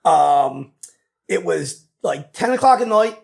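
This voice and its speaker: A man in his thirties with a Philadelphia accent, telling his story in a casual interview, animated and loose, saying "dude" a lot. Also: on the high side, takes it slowly, gravelly. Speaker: guest.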